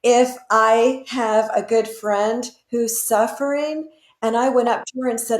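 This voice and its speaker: A woman's voice: a little high, steady tone, a little slow, echoey room. A woman guest expert in an interview, explaining earnestly with examples.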